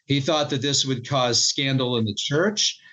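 A man, a co-author on the show as a guest, talks through his sources in an earnest way. His voice sits at an ordinary middle pitch, and he often restarts and repeats words as he goes. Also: measured pace, bright, forceful tone, poor audio. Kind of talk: interview storytelling.

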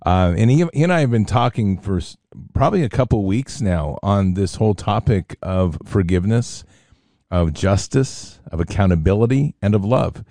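A man's voice: lowish voice, expressive, moderate pace, dark tone, dry recording, clean studio sound. A man hosting a faith talk show, addressing his audience and affirming his guest. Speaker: host.

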